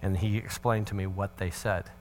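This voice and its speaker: A man's voice: sits low, moderate pace, soft background music. A middle-aged man giving a parenting talk, telling a family story with humor and acting out the voices of the people in it. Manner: animated, acts out family dialogue with swings of voice; humorous, sarcastic asides. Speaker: parenting seminar speaker.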